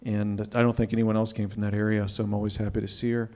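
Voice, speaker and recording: A man's voice: on the low side, little pitch movement, fast talker, mellow. A man hosting a live open mic, thanking a storyteller and introducing the next one in a reflective way. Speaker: host.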